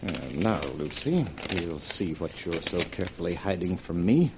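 An actor playing a scheming husband in an old radio drama, smooth-talking and turning sharp and urgent when pressed, on a dull lo-fi recording. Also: male voice, low-pitched, very animated, moderate pace, noisy background. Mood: cold, menacing. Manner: smooth, then sharp and tense when cornered. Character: scheming husband, middle-aged man, guilty and menacing. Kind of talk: 1940s radio acting.

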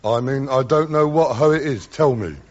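A man's voice: medium pitch, moderate pace, very noisy. A man speaking in a plain-spoken, dim and cheerful way in a radio comedy sketch. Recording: dull radio recording with loud audience laughter.

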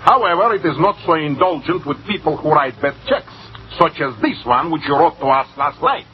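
A man plays a sly, fawning cashier in an old radio play, oily and insinuating. His fairly high voice bounces lively up and down. The recording is dull and lo-fi, with a faint hiss. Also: brisk, lightly acted. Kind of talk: old-time radio drama acting.

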